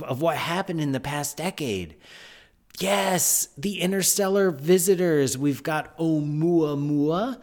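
A man hosting a live science show, talking in an excitable, animated, chatty way. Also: medium pitch. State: out of breath. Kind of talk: live-stream science talk.

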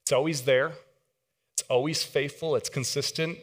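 A man preaching a sermon, an animated storyteller who acts out the voices in his anecdotes. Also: mid-range voice, moderate pace. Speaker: guest pastor. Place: church sanctuary. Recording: long church hall reverb.

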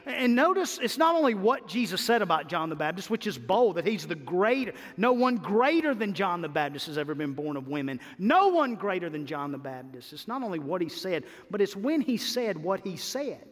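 A man with a high voice preaches a sermon, swinging between hushed reflection and emphatic peaks. His words ring out with a long hall reverb behind them. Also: big pitch swings, moderate pace. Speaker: pastor.

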